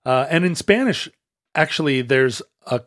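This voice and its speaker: A man co-hosts a casual chat, musing aloud and often restarting his thoughts at a moderate pace. His mid-range voice is fairly bright with lively intonation, recorded in clean studio sound with no room echo.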